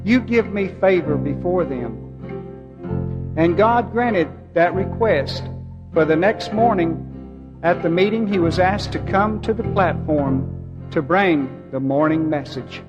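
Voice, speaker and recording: A man narrating a life story slowly and solemnly. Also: fairly high pitch. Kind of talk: slow narration over guitar. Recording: dull lo-fi recording with guitar music. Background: plucked guitar music.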